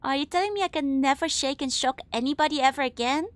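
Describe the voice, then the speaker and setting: High, giggly streamer woman. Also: quick pace, no room sound. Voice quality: giggly, playful. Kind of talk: let's play commentary.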